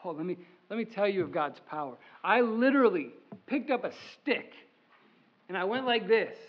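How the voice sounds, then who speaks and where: An older Moses recounts the wilderness years in a high, earnest voice, put on by a pastor mid-sermon. The sound is slightly muffled. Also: male voice, animated, normal speed. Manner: earnest first-person retelling. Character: Moses, older man telling of hard journeys.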